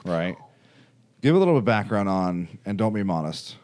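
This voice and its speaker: A young man with a very low voice hosts a casual office podcast. He is easygoing and keeps the chat moving from topic to topic. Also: sing-song, normal speed, darkish tone. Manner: easygoing, moves the show along. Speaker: podcast host.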